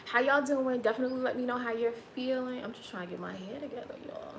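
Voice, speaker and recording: A woman's voice: a little high, steady tone, fast, creaky, heavy background noise. A woman hosting a casual livestream, chatting playfully with viewers and reading their comments aloud. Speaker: livestream host.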